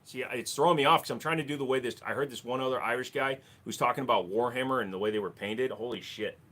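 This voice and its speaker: A man's voice: mid-range voice, fast talker, fairly bright tone. A man hosting a casual livestream, reading chat messages aloud and answering with crude jokes. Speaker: livestream host.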